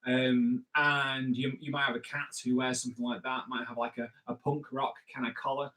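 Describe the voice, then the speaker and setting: A man's voice: mid-range voice, little pitch movement, normal speed, bright, forceful tone. A man, a comics artist, giving a live drawing lesson in a chatty, rambling way with jokey asides.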